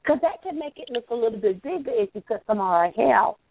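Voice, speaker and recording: Frank, outspoken woman with a lively voice. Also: on the high side, fast talker, creaky, slightly rough, no room sound. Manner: frank, outspoken about intimate topics. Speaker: host. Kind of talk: casual chat. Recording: dry, tinny phone-like sound.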